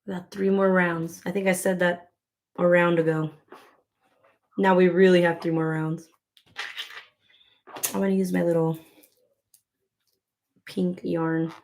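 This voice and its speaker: A woman's voice: lowish voice, flat delivery, a little slow, long pauses, a little mellow. Chatty woman rambling at home. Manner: rambling and chatty, heavy on filler words. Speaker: crochet vlogger. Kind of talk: casual chat while crocheting.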